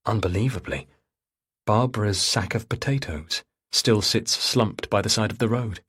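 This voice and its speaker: A man reading a thriller audiobook in third person, with a somewhat low, husky voice. His delivery is measured and grave throughout. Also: a bit bright. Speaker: audiobook narrator.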